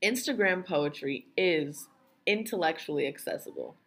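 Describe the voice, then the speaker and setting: Young woman podcast host, kinda low voice, blunt and snarky, says like a lot. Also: expressive, moderate pace, vocal fry, a bit bright. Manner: blunt, sardonic, lots of "like". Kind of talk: casual opinionated chat.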